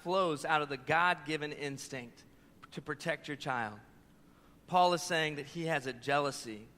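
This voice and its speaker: A man in his thirties preaching a sermon as pastor, telling stories in an animated way and voicing the quotes. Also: on the high side. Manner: animated storytelling with voiced quotes. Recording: echoey church hall.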